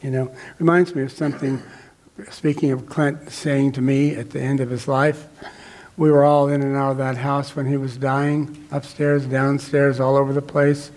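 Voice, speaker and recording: A man's voice: medium pitch, little pitch movement, moderate pace, darkish tone. An older man telling his recovery story to a group, rambling and reflective with many fillers and restarts. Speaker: recovery meeting speaker. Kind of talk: personal testimony to a group.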